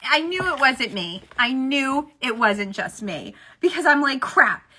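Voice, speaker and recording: A woman's voice: high voice, animated, unhurried, bright, forceful tone. A woman giving a chatty livestream tarot reading, talking to viewers and laughing often. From United States. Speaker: tarot reader.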